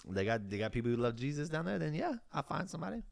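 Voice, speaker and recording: A young man with a fairly high voice co-hosts a podcast, racing along with big pitch swings and vocal fry, with no room sound. He's laid-back and rambling in casual chat, laughs often and keeps restarting phrases.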